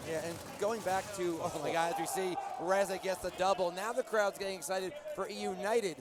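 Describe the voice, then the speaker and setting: A man giving energetic play-by-play on a live esports match, rising in pitch as the action peaks. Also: fairly quick, heavy background noise. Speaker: esports commentator. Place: live esports arena with a loud crowd. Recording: loud crowd behind the voice.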